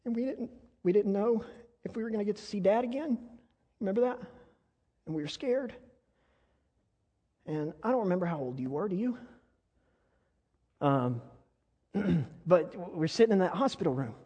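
A male preacher with a fairly high voice delivers his sermon with passion, at times sinking into hushed, personal tones. His words trail off into the long echo of a large sanctuary. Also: lively intonation, normal speed, long pauses. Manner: impassioned storytelling that drops to soft, intimate tones. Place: church sanctuary. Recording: long reverb of a large church hall.

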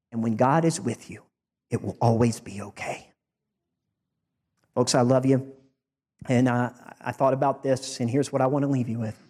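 A man delivers a heartfelt farewell sermon as his church's departing preacher. His declarations climb in pitch and grow emphatic. His voice trails a long reverb through the hall. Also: steady tone, normal speed, pauses often, a little mellow, slightly rough.

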